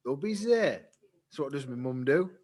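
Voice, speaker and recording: A man's voice: mid-range voice, lively intonation, normal speed, darkish tone. A young man, casually telling a long story on a podcast, rambling and swearing freely. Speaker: podcast co-host.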